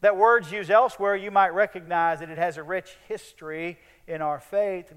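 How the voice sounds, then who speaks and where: A male preacher delivers an earnest sermon in a fairly high, smooth, clear voice. His phrases often fade softly at the end. A long reverb hangs in the space, as in a large hall.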